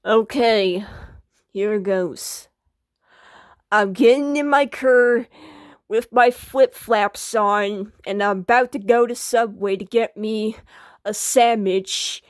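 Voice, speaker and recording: A woman's voice: medium pitch, slow, clean tone, no echo, natural voice. A woman voicing an anxious female washing machine that worries about repairs and mispronounces words. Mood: playful.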